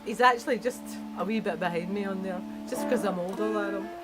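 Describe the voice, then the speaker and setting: A woman's voice: mid-range voice, brisk, loud music behind the voice, low-quality recording. A Scottish woman, a guest on a livestream, chatting casually, giggly and a bit self-conscious. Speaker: stream guest. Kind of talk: casual chat.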